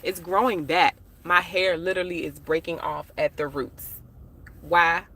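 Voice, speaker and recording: A chatty woman from the United States goes live from her parked car, her voice bright and forward. She talks straight to her viewers in loose, slangy asides. A phone mic catches her over a faint hum of traffic. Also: on the low side, steady tone, unhurried. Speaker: live-streaming vlogger. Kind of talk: casual live-stream chat.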